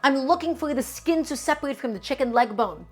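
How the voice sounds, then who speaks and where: A woman's voice: high-pitched, animated, brisk. A woman hosting a live cooking show from a home kitchen. She gives emphatic instructions, repeats key steps and speaks straight to her viewers.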